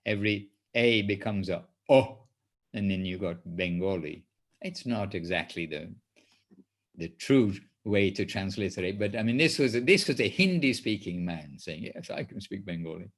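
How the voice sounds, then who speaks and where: A man with a fairly low voice teaches a class over a call. He answers gently and reassuringly, often pausing and restarting as he explains. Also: lively intonation. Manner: soft-spoken, reassuring, hesitant with fillers. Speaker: spiritual teacher leading a class.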